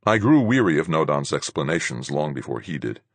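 A man with an extremely deep, husky voice narrates a first-person story. His delivery is measured and even. The recording is close and dry, with no room sound. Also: no echo. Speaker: audiobook narrator.

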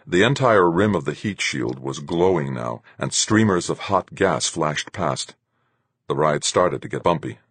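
A man with an extremely deep voice narrates a novel in a steady, measured way. His tone has a husky, grainy edge. The recording is close and completely dry, with no room echo. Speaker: audiobook narrator. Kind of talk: first-person novel narration.

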